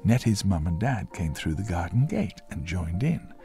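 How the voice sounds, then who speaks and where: A man narrating a children's storybook in a gentle, expressive way. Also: deep voice, normal speed, creaky, faint music behind.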